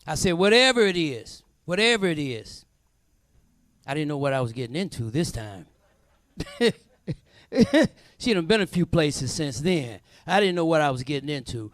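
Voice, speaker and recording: A man's voice: on the high side, no room sound, studio quality. A man talking from an outdoor stage between blues numbers, repeating phrases like a preacher as he makes an appeal and thanks his band. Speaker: singer and bandleader. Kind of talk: live stage talk between blues songs. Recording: live outdoor set with loud band. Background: live blues band with guitar.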